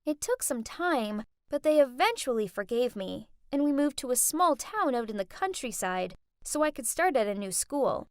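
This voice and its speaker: A woman narrating a first-person animated story in an expressive, dramatic manner. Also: high voice, moderate pace, hardly any pauses, clean tone, no room sound, studio quality.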